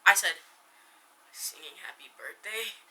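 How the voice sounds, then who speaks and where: A teenage girl chatting on her own podcast, with a very bright voice sitting a little low. She rambles, stops herself mid-sentence, and tells stories with lots of animation. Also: a little slow, rough recording. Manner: rambling, self-correcting, animated storytelling. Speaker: podcast host. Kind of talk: casual chat.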